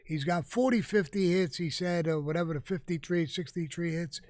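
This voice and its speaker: An older man, a guest answering viewer questions in a casual live Q&A, speaks blunt and profane, stumbling and restarting as he goes. His slightly high voice has a darkish tone and a moderate pace, caught dry and close by the mic with no room sound.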